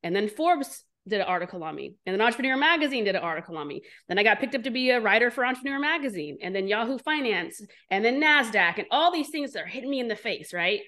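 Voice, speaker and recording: A woman entrepreneur being interviewed, telling her story candidly and bluntly, animated and swearing freely. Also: fairly high pitch, quick pace, hardly any pauses. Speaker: entrepreneur guest.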